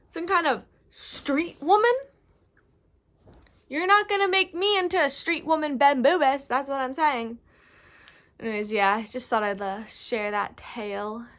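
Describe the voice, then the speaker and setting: A woman's voice: on the high side, a bit bright. A young woman vlogger casually telling a story to camera, rambling and goofy, full of slang and filler words.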